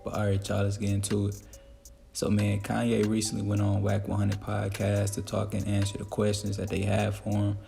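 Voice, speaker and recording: A man's voice: fairly low pitch, completely flat delivery, normal speed, gravelly, warm tone, faint music behind. A man hosting a casual video commentary, talking straight to his viewers in a laid-back way. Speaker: YouTube commentary host.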